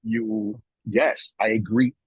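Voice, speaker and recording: A man's voice: mid-range voice, sing-song, takes it slowly, vocal fry, husky, dry recording, low-quality recording. A man co-hosting a podcast, talking in a rambling, emphatic way and swearing casually as he chats. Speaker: podcast co-host. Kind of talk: casual morning chat.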